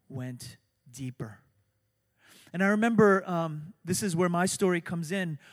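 Pastor, male, middle-aged, high voice, dynamic sermon delivery with loud peaks, big hall reverb. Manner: dynamic preaching, swings from soft to loud emphasis.

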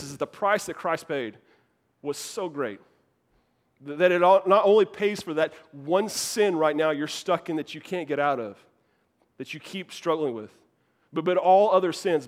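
Pastor, young man, slightly high voice, earnest and emphatic sermon delivery, repeats key phrases.

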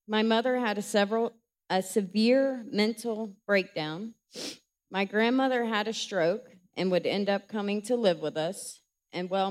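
A woman reading her prepared testimony to a church congregation, nervous and emotional, speaking softly. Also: medium pitch. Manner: nervous, emotional, soft-spoken. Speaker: church member giving testimony. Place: church sanctuary.

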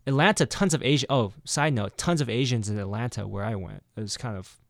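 A man talks casually at a middle pitch, telling rambling stories full of restarts and self-corrections. His voice is recorded close and dry, with no room sound. He slips into acted-out dialogue when he quotes people. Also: a little fast, vocal fry, dry recording. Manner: rambling storytelling, many restarts. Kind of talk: casual chat.

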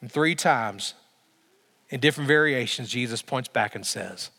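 A man preaching a sermon as pastor, emphatic, building through repeated phrases with slow dramatic pauses. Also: mid-range voice, bright, forceful tone. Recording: long reverb of a large hall.

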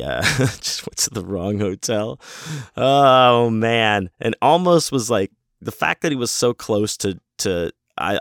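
A man's voice: lowish voice, fairly bright tone, clean tone, dry recording, clean studio sound. A man casually telling a rambling story about a convention trip, laid-back and swearing freely. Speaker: convention vendor.

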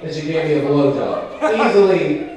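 A young male stand-up comedian with a fairly high voice rambles through a profane club set, tossing in constant asides. He sounds a bit distant from the mic, in a very echoey room. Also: expressive, normal speed, crowd noise.

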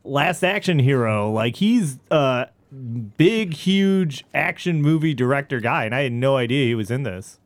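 A man's voice: mid-range voice, expressive, a little slow, dry recording. Chatty male podcast co-host, dry sound. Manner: chatty, self-described nerd, hedging. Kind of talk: casual chat.

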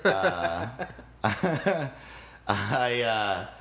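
Laughing, animated man telling a story. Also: mid-range voice, very slow, creaky, roomy sound. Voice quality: laughs often, swears casually, lively retelling. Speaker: comedian guest. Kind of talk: casual storytelling chat.

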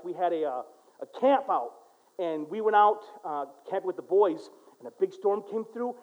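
A man preaching a sermon in a casual, animated storytelling way, dropping to a hush and then rising to loud bursts. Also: sits high, phone-quality sound. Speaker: pastor. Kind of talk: sermon with personal stories.

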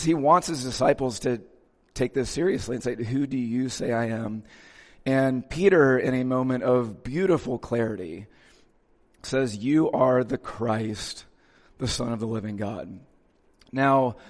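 Male pastor, relaxed sermon style, average pitch, long reverb of a big sanctuary. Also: unhurried. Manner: casual, checks in with listeners. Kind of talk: conversational sermon.

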